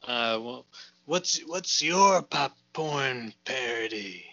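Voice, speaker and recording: A man's voice: mid-range voice, lively intonation, slow, bright, forceful tone, no echo. A man co-hosting a comedy podcast, chatting casually in a playfully mock-earnest, coaxing way. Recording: dull lo-fi recording with faint music.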